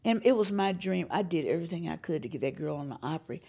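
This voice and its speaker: Animated storyteller woman. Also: fairly low pitch, quick pace, breathy edge. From North Carolina. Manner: animated storyteller who acts out quoted voices. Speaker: singer and showcase organizer. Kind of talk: storytelling interview.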